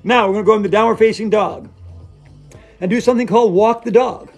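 A man playing an over-earnest female yoga instructor who leads a comic yoga class, chanting in a breathy sing-song. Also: high-pitched, steady tone, quick pace, darkish tone, faint music behind, heavily acted. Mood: dreamy.

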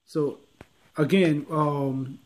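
A man speaking to an elderly evangelist in an earnest, halting, heartfelt way. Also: fairly high pitch, steady tone. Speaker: interviewer. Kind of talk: casual chat.

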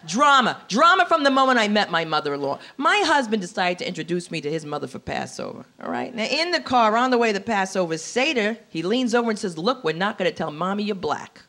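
A woman's voice: mid-range voice, very animated, fast talker, few pauses, pushed and bright. Brassy woman doing stand-up. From New York City. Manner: brassy, drops into put-on voices for her characters. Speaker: stand-up comedian. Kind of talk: stand-up comedy set. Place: comedy club stage with a laughing audience.

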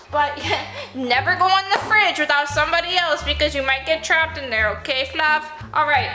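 A woman's voice: very high voice, bright, forceful tone. A woman vlogging playfully with her toy llamas, talking to them in a bubbly, sing-song way. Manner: bubbly, sing-song, talks to toys in baby talk. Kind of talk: playful kids' toy vlog narration.

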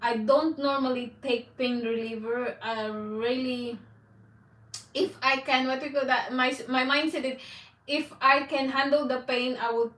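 A woman vlogger chats to her viewers in a rambling, candid way, with frequent exclamations, her voice a little high for a woman with fairly even intonation and a fairly bright tone. She speaks unhurriedly and sounds far from the mic, set back in a roomy, echoing space.

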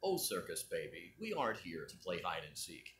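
A man's voice: sits low, huge pitch swings, moderate pace, vocal fry, a bit bright, heavily acted. An actor voicing a cheerful male automated facility system that gives upbeat, corporate-style instructions. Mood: cheery instructive.

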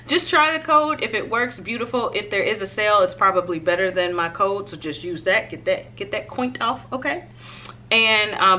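A woman fashion vlogger chatting casually to her viewers in a try-on haul, expressive and direct. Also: mid-range voice, moderate pace.

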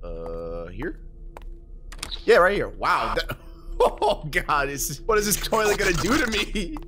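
A man doing jokey let's play commentary on a horror game, excitable, cursing and shouting at scares. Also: on the high side, takes it slowly, noisy background. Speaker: gameplay commentator.

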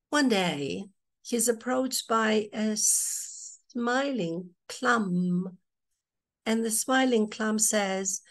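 A woman's voice: medium pitch, slow pace. A woman presenting an online teaching webinar on storytelling, speaking expressively with frequent hesitations. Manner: hesitant with fillers, expressive and animated.

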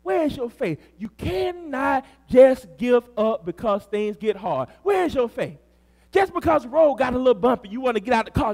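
A man preaching a sermon as pastor, in a rhythmic style that builds to shouted refrains. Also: extremely high pitch, very animated, moderate pace. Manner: rhythmic preaching, rising to shouts on key phrases.

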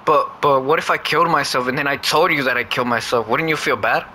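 Bright-voiced young man trash-talking. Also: medium pitch, fast, slight background noise. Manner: taunting, childish name-calling. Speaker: gamer. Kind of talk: trash-talking game chat.

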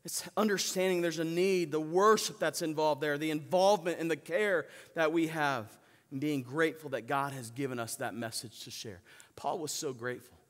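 A man preaching in a church sanctuary, his fairly high voice ringing out with a long reverb tail. He calls on the congregation to answer back, and he moves between loud emphatic peaks and quiet, low asides. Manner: preaches with call-and-response to the congregation. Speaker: pastor. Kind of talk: sermon.

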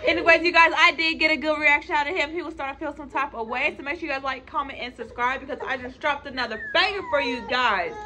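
A woman's voice: high voice, quick pace, hardly any pauses, bright, forceful tone. A young woman vlogger hosting a prank video, talking casually in a playful, teasing way. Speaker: vlogger host. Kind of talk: casual chat. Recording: clear crowd noise behind.

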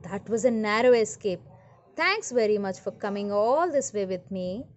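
A brisk bossy house cat, as a woman reads her. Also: mid-range voice, lively intonation, slight background noise, lightly acted. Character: cunning female house cat guide.

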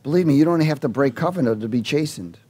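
A man preaching a sermon, telling a personal story and acting out the dialogue in it, with halting restarts and chuckles. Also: fairly high pitch, husky. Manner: animated storyteller, acts out dialogue.

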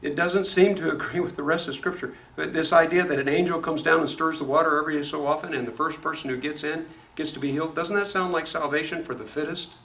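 A man's voice: fairly high pitch, fast, hardly any pauses. Midwestern man teaching a Bible class. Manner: lively, asks the class questions, laughs often. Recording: echoey classroom from far off, noisy.

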